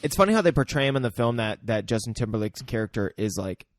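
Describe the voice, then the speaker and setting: A man co-hosting a movie review podcast in an easygoing, agreeable way. His voice sits at a middle pitch. The recording is dry and close. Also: animated, quick pace, no room sound. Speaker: podcast co-host. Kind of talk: casual movie review chat.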